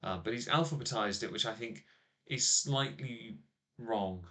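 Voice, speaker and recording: A man's voice: fairly low pitch, a little slow, pushed and bright. A man hosting a casual live stream from a small home office on a laptop microphone. He rambles, uses lots of fillers and teases his co-host. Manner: rambling, filler-heavy, teasing.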